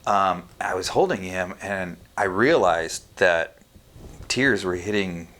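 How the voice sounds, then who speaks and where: Low-voiced man telling a story frankly. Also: a bit bright. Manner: frank and profane, halting with many fillers. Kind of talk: casual podcast storytelling.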